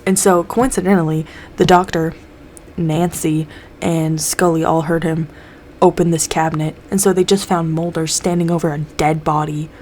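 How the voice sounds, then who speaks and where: A woman's voice: low-pitched, level tone, moderate pace, darkish tone, slight background noise. A young woman casually recapping a TV episode, loose and profane, acting out the characters' lines as she goes. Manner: loose, swears a lot, acts out characters' lines.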